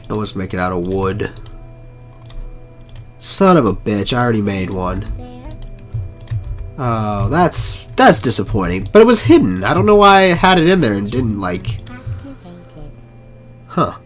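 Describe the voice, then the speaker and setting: Hoarse man streaming a game. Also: fairly low pitch, big pitch swings, measured pace, pauses often, faint music behind. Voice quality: rough, crunchy throat. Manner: mutters to himself while playing, frequent swearing. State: hoarse, sore throat, sniffling. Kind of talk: casual live gameplay commentary.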